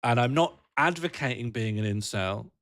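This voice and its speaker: A man's voice: medium pitch, animated, moderate pace, fairly bright tone, no echo, studio quality. A man rambling and joking on a casual livestream, answering his chat and laughing often.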